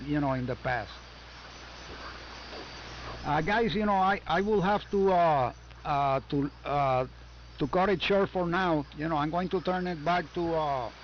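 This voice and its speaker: Higher-voiced older man with a Puerto Rican accent. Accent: Puerto Rican Spanish. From Puerto Rico. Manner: friendly, halting, many "uh" and "you know". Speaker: ham radio operator. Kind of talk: casual on-air radio chat. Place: home basement. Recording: muffled amateur radio audio, faint static.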